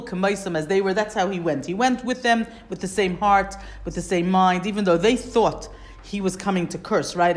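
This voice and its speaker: A woman leads a text study class. She reads out Hebrew phrases, translates each one and keeps asking her listeners questions. Her voice sits at an ordinary middle pitch. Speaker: Torah teacher.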